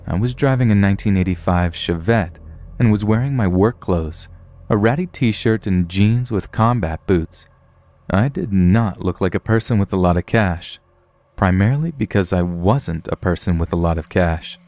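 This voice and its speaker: A man giving a scripted narration of a true horror story in a calm, matter-of-fact way. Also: low-pitched, normal speed.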